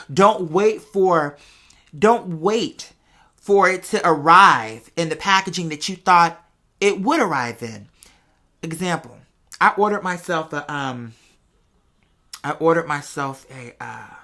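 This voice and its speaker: A young man hosting a podcast, chatting expressively to listeners in a casual storytelling style. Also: a little high. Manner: expressive and chatty, addresses listeners as y'all and girl. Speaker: podcast host.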